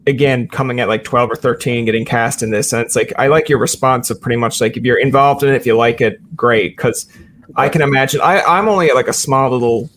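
A man's voice: medium pitch, fast, a bit bright, a little hiss or hum. A male interviewer asking loose, rambling questions with many fillers. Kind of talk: casual interview chat.

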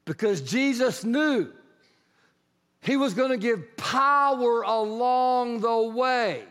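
High-voiced man preaching in echoey hall. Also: slow. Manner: animated storytelling, acting out the people in the stories; rises into shouting at points. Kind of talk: sermon. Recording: long hall reverb.

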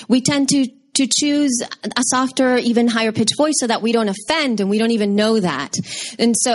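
A woman in her thirties giving a lively, conversational workshop talk and taking questions from the audience. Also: on the high side. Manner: bubbly, expressive, conversational. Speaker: workshop presenter.

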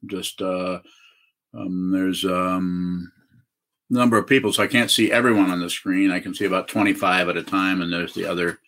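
A man teaching as a Zen teacher on a video call, answering questions in a halting way with many fillers and restarts. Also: low-pitched, fairly even intonation, fairly bright tone.

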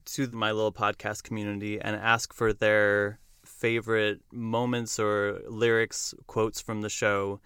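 A man's voice: lowish voice, level tone, measured pace, hardly any pauses, a bit bright, clear, resonant tone, no room sound, clean studio sound. A man hosting a musical theater podcast, chatting casually and enthusiastically. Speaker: podcast host. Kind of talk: casual chat.

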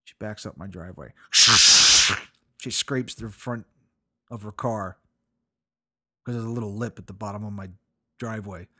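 A man's voice: lowish voice, unhurried, pauses often, sharp tone, breathy edge. A man hosting his own podcast alone, telling rambling, profane, self-mocking stories with bursts of laughter. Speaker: podcast host. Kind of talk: casual solo storytelling.

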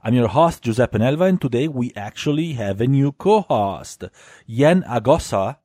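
A man's voice: medium pitch, lively intonation, normal speed, darkish tone, slightly rough, dry recording, studio quality. A man with an Italian accent hosting a casual podcast, chatty and teasing, often laughing. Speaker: podcast host.

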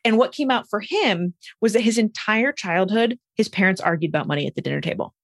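A woman's voice: medium pitch, brisk, creaky, no echo, studio quality. A woman guest on a podcast interview, explaining her views with energy and telling stories with acted-out quotes. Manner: energetic storyteller, acts out quoted voices. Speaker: guest, money coach.

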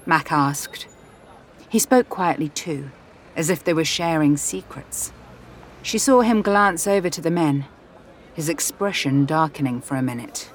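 A woman narrating an audiobook in a steady, expressive reading voice. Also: deep voice, moderate pace.

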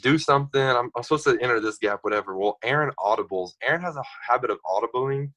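A young man in his twenties, a podcast guest telling stories in a casual, animated way. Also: mid-range voice, fast, low-quality recording. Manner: animated storyteller, acts out others' lines. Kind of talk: casual storytelling.

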